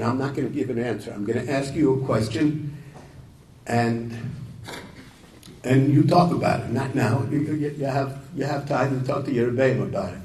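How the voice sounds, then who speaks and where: A man telling a story and talking to yeshiva students, halting and repeating words, with Yiddish and Hebrew terms. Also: medium pitch, darkish tone. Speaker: speaker addressing yeshiva students. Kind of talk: informal talk to students, storytelling. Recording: echoey room, voice from far off, faint noise.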